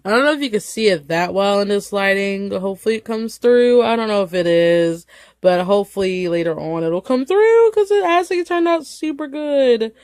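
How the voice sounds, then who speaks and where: A young woman in her twenties chatting casually to her vlog camera, talkative and easily excited, often breaking into giggles. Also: medium pitch, normal speed, no echo. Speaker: vlogger.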